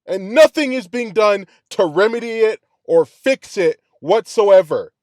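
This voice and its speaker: A man's voice: high-pitched, animated, measured pace, a little mellow, dry recording, studio quality. Angry, profane man ranting about football. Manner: profane, heated, repeats himself. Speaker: sports podcast host. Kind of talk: angry sports reaction rant.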